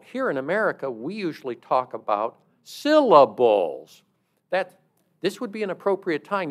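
A middle-aged man preaching a sermon in a conversational, storytelling way, stressing words emphatically. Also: medium pitch.

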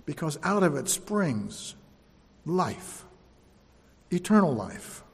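A man preaching a sermon, repeating phrases for emphasis and dropping to quieter tones. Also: a little high, sing-song, takes it slowly, gravelly, husky. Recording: long hall reverb.

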